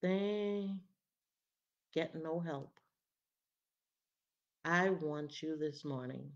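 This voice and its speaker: A woman's voice: low voice, extremely slow, lo-fi sound. A woman preaching a dramatic, emphatic sermon and often asking "hmm?" to draw in her listeners.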